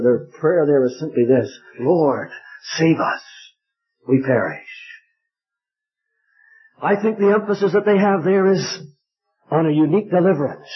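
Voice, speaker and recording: An older man preaching an evangelistic sermon, fervent and pleading, swinging his voice high and low for emphasis. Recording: dull lo-fi recording.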